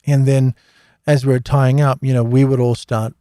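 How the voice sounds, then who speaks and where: A middle-aged Australian man hosts a live Q&A, telling rambling, anecdotal stories in a casual religious talk packed with fillers and restarts. His medium-pitched voice is dark, clear and resonant, with a level tone and moderate pace, recorded in studio quality with no echo.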